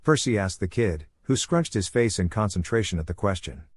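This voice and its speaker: Reading fan fiction aloud, a man narrates and voices the dialogue with only light character acting. His husky voice is fairly low and lively in intonation, moving at a normal pace, in a dry, clean studio recording.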